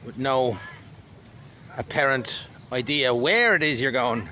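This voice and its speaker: A man's voice: medium pitch, expressive, slow, pauses often, sharp tone, slight background noise. A man from Ireland with an Irish accent, talking casually to camera outdoors in a wry, rambling way. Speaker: vlogger. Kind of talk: casual spoken monologue.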